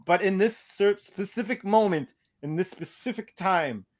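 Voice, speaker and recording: A young man casually telling a story on a podcast, animated and profane, acting out what he said. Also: sits high, measured pace.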